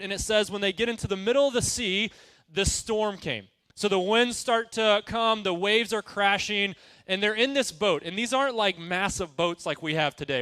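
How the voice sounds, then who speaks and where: A man giving a casual, energetic youth group sermon, often checking in with his listeners. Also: high-pitched, clear, resonant tone, no room sound. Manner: energetic, conversational, asks the room questions. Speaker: youth pastor.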